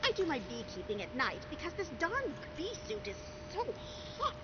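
A reclusive beekeeper in a video game, flustered and quick to defend herself, her voice high and swinging widely in pitch. The game sound is dull and sits under a clear layer of noise. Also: huge pitch swings. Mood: defensive. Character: shy reclusive woman beekeeper, night-working, secretive.

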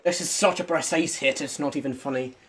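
A man's voice: medium pitch, a little fast, a loud crowd. A young man co-hosting a gaming video, explaining his shots in casual banter and laughing often. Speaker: gaming channel co-host.

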